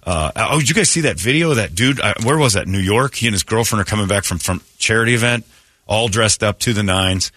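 Morning radio host, male, low-ish voice, blunt storyteller, dry booth. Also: a little fast, dry recording. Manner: blunt, storytelling, animated retelling. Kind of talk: casual talk radio banter. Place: radio studio. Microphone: studio mic. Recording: dry close studio sound.

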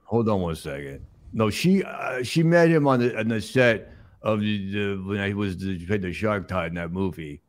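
A man playing a middle-aged tough-guy movie star who rambles in halting, mumbled restarts on a comedy show. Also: lowish voice, animated, natural voice. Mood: rambling. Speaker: comedy sketch host. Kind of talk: improvised comedy impression.

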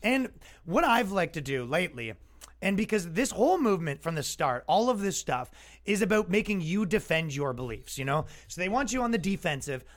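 A man's voice: high voice, sing-song, fairly quick. A man hosting a comedy podcast, ranting casually in an exasperated, sarcastic way. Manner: exasperated, sarcastic, acts out quoted voices.

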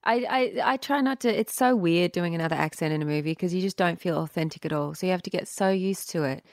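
An Australian actress guesting on a podcast, talking candidly and laughing easily. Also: female voice, fairly low pitch, fast, no echo, studio quality. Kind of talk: casual interview chat.

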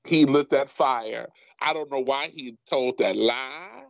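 Male podcast co-host, mid-pitched with a gravelly edge, wry and emphatic, on dull lo-fi audio. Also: takes it slowly, no room sound. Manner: leads the segment, wry and emphatic. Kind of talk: casual TV recap chat.

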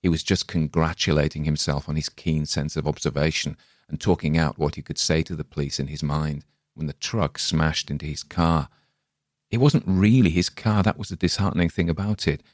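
Deep-voiced man reading a dark tale. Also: fairly even intonation, normal speed, dry recording, clean studio sound. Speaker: story narrator. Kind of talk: dramatic story reading.

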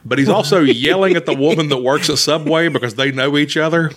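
A man's voice: fairly high pitch, a little fast. A man telling a long comic story on a podcast, swearing freely and acting out the people in it. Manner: profane, animated, acts out characters. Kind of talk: casual comedic storytelling.

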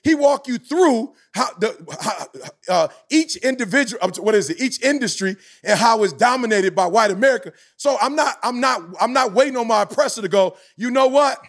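A high-voiced man in his forties holds forth on a podcast like a motivational preacher. His delivery is emphatic and rhythmic, often swelling into near-shouts to hammer a point home. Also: lively intonation, moderate pace. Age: 40s. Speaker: motivational speaker, podcast host. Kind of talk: passionate podcast talk.

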